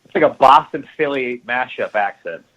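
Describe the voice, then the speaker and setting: A man co-hosting a podcast in casual chat, profane and expressive, mimicking other people. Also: medium pitch, moderate pace, lo-fi sound. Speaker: podcast co-host.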